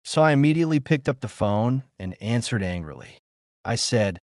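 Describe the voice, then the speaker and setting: A man's voice: mid-range voice, lively intonation, normal speed, darkish tone, no room sound, clean studio sound. A man narrating a suspenseful first-person story in a dramatic way, repeating phrases to build tension.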